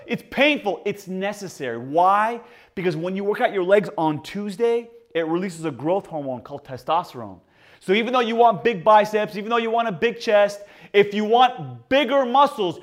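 A man in his forties, a pastor preaching a sermon in a church, telling stories with lively swings in pitch and loudness and calling out to the congregation. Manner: prays and calls to the congregation.

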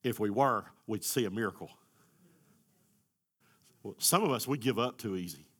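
A middle-aged man preaching a sermon as pastor, swinging from quiet storytelling to loud, climbing exhortation. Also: on the low side, normal speed, slightly rough. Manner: builds from soft storytelling to loud, rising exhortation.

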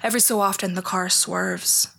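A woman reading a memoir aloud in second person, in a hushed, even delivery that at times drops toward a whisper. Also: lowish voice, normal speed, gravelly. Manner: hushed, flat, sometimes close to a whisper. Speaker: audiobook narrator.

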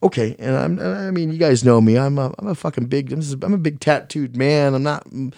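On a podcast, a man with a medium-pitched, warm voice and vocal fry tells a personal story at a brisk clip. He's blunt and plainspoken, swears constantly, pokes fun at himself and keeps restarting sentences; the audio is clean studio sound with no echo.

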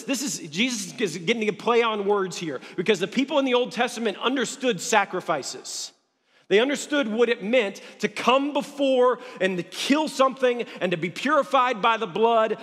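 A young man preaching a sermon from a church stage, earnest and building in intensity, dropping low and quiet for emphasis. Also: big-room sound. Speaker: pastor.

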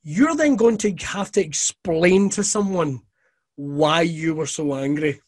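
Comic, middle-aged, higher-pitched voice, laughs through his stories, swears a lot. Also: measured pace, dry recording. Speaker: comedian. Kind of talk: casual podcast chat.

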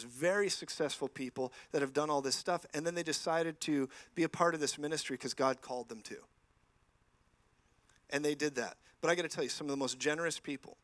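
A man preaches to a church in a fairly high voice, animated and storytelling, acting out each exchange. The sound is dry and close, with little room echo. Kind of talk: sermon.

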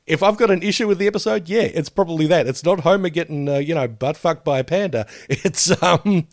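A man's voice: on the high side, no room sound, clean studio sound. A man co-hosting a podcast, chatting casually about a cartoon episode in a wry, sweary, opinionated way. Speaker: podcast co-host.

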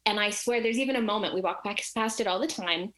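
A woman telling a personal story in casual chat, animated and acting out the voices of the people in it. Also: mid-range voice, quick pace.

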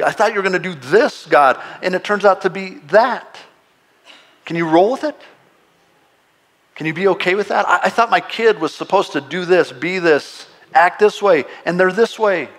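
A man delivers a sermon as pastor with his voice pitched a touch high for a man. He keeps it conversational and playful, then lifts his voice emphatically on the big points. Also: a bit bright. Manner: conversational preaching with playful asides; emphatic, rising on exclamations.

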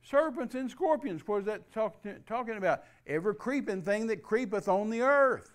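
A man's voice: high voice, lively intonation, normal speed. A man preaching a sermon, emphatic and repetitive, spelling out key words letter by letter.

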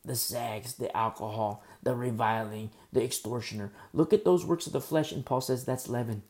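A man's voice: mid-range voice, moderate pace, a little mellow. A man preaching a sermon as pastor, building through emphatic rhetorical questions.

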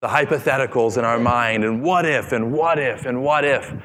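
A male pastor in his thirties preaching in a loose, joking, conversational way, his voice at an ordinary middle pitch. The words ring out with a long reverb across a large church auditorium. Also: moderate pace, fairly bright tone, a little hiss or hum. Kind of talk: sermon.

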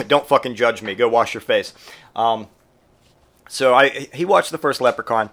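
A man's voice: mid-range voice, normal speed. A man hosting a podcast, rambling and swearing through a comic monologue, getting over a cold. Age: adult parent who grew up in the eighties. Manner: profane, rambling and animated, with mock voices for quotes. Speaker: podcast host. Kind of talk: casual comedic monologue.

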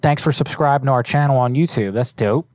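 A man hosts a live-streamed prank call show, chatting loosely and rambling with plenty of swearing and filler words. His voice is mid-range and darkish, he talks fairly quickly, and the recording has no room sound.

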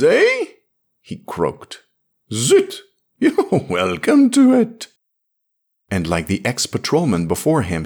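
A man reading a classic science fiction story aloud in a measured, descriptive storytelling manner. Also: sits low, slightly rough. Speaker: podcast narrator.

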